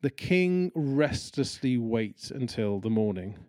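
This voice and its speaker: A man's voice: medium pitch, slow pace, no room sound. A man preaching a sermon in a conversational, storytelling way, acting out the people he talks about. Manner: conversational, animated storytelling with acted-out quotes.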